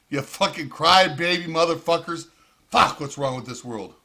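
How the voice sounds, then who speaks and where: A man's voice: on the high side, animated, moderate pace, pushed and bright. A man ranting in profane, heated commentary with sarcastic outbursts. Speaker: vlogger.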